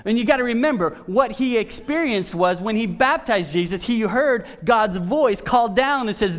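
Conversational higher-voiced male preacher. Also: animated, normal speed, hardly any pauses. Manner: conversational, asks "right?" often. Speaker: pastor. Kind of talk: sermon.

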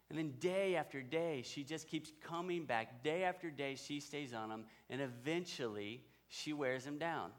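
A man's voice: a little high, normal speed, few pauses. A man preaching a sermon, retelling a story in a conversational way and speaking directly to the men in his audience. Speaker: pastor.

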